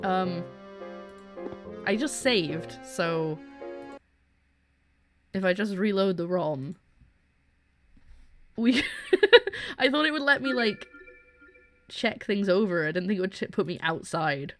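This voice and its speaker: A woman's voice: mid-range voice, lively intonation, slow, pauses often, a bit bright, faint music behind. A young woman streamer giving casual, chatty commentary while playing a game, often giggling and cutting herself off mid-sentence. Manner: chatty, giggly, self-interrupting.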